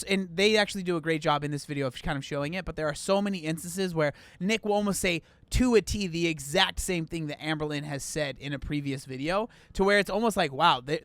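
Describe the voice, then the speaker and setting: A man's voice: fairly high pitch, fairly bright tone, no echo. A man rambling and chatting casually as he comments on clips in a reaction video. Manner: rambling, chatty, restarts often.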